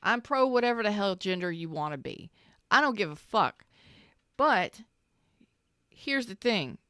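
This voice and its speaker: Woman, tarot reader, rambling emphatic monologue, curses casually, clear resonant voice, dry close sound. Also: mid-range voice, expressive, a little slow, sharp tone, dry recording. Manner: rambling and emphatic, repeats phrases, swears casually. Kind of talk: spontaneous tarot reading monologue.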